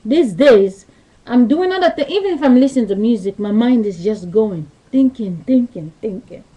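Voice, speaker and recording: Woman, slightly high voice, webcam monologue, rambling, broken English, at home. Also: animated, moderate pace, warm tone, poor audio. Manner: rambling, non-native English grammar. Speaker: vlogger. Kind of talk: casual storytelling monologue. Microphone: webcam mic.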